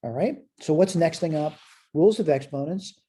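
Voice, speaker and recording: Guy teaching a college math class, deep warm tone with some rasp, keeps repeating himself while he writes stuff up. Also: fairly quick. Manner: asks questions and answers them himself; repeats phrases while writing on a board. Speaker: math lecturer. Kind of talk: recorded college lecture.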